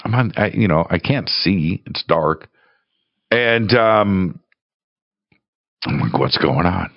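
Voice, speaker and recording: A man telling a personal story in a casual, halting way, often repeating words and restarting. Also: low-pitched, expressive, no echo, highs cut off. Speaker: guest telling a travel story.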